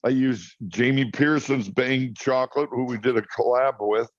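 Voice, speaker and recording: A man's voice: medium pitch, normal speed, dry recording, highs cut off. Chatty storytelling man, dry close sound. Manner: storytelling, animated, repeats words when starting. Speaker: guest, cannabis grower. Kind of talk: casual talk show chat.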